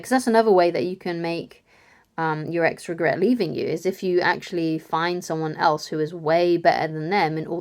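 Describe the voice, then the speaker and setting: A woman's voice: mid-range voice, darkish tone. A woman giving casual relationship advice to camera, chatty, often asking "right?" and laughing lightly. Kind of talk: casual advice video talk.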